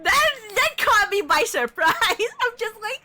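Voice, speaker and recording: A woman streamer giving live gameplay commentary, excitable, laughing and swearing as she plays. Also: very high-pitched, unhurried, heavy background noise.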